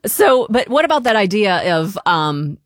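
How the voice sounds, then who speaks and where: A woman from Pittsburgh who hosts a public radio show, asking measured, conversational questions. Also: mid-range voice, very animated, no echo, studio quality. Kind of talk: radio interview.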